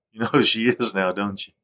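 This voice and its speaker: A man's voice: fairly low pitch, fairly even intonation, moderate pace, bright, forceful tone. A man in a rambling, self-recorded monologue, stammering and restarting as he airs grievances. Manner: aggrieved, accusatory. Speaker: vlogger.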